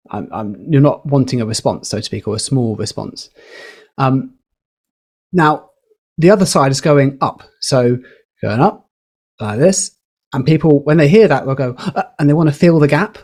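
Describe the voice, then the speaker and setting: A man on a podcast, explaining communication skills in a lively, teacherly way with a few fillers. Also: mid-range voice. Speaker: podcast guest, communication educator. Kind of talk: explaining, casual podcast chat.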